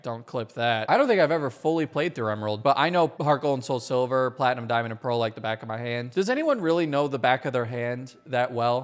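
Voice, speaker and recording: A man's voice: medium pitch, a bit bright. A young man giving casual, joking gameplay commentary as a streamer, swearing and yelping when surprised. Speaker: gaming streamer.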